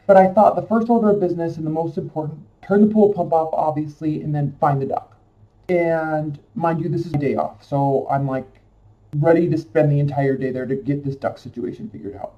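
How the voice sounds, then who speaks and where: Man, higher voice, casual emotional storytelling, rambling with fillers; set back from a dull lo-fi mic. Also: steady tone, fairly quick, distant mic.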